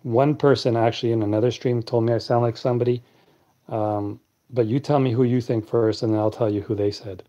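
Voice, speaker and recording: A man hosting a late-night live stream, chatting casually and answering viewers' comments in a deep, clear voice. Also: steady tone, fairly quick, dark tone, lo-fi sound.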